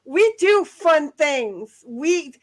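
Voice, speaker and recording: High-pitched female streamer, giggly rambler, casual chat host. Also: big pitch swings, very slow. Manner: giggly, rambling storyteller with many restarts. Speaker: livestream co-host.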